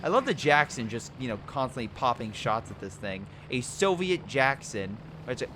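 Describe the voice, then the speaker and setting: A man commentating a strategy game replay, excitable, laughing and giving units joking voices. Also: mid-range voice, normal speed. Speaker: game caster. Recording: game noise behind the voice. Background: artillery and gunfire game sounds.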